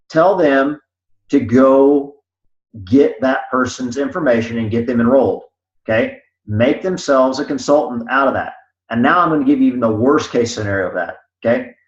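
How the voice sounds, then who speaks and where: Brief: man coaching his sales team live, punchy and insistent, echoey room, dull lo-fi recording. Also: medium pitch. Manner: emphatic, keeps asking "right?". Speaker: team leader and trainer. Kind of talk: live team training talk. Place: meeting room with a live audience.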